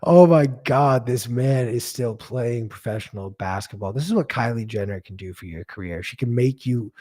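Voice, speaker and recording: Low-voiced man ranting about basketball. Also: normal speed, dark tone. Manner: blunt, profane ranting with laughs. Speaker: podcast co-host. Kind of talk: casual sports chat.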